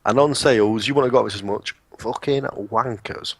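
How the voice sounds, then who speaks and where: A man's voice: on the low side, quick pace, slight background noise. An eighteen-year-old man co-hosting a casual podcast, swearing and joking as he rants about call-centre work. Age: young adult. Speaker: podcast co-host. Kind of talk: casual chat.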